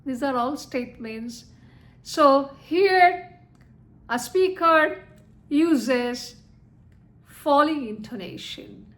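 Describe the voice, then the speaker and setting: A woman gives a spoken lesson to her channel's viewers. Her voice sits high and she speaks slowly, checking in often with "okay?" and "you know". Her manner is that of a patient teacher. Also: lively intonation, a bit bright. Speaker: English teacher.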